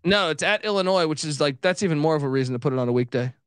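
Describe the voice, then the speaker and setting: A man's voice: fairly high pitch, lively intonation, very fast, clear, resonant tone, no echo, studio quality. A man hosting a casual sports chat who rants, swears and gets worked up. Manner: ranting, profane, gets worked up. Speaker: podcast host.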